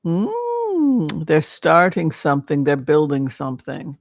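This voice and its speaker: A woman's voice: sits low, wildly swooping pitch, slow pace. A woman tarot reader talking in a casual, rambling, playful way, often breaking into laughter.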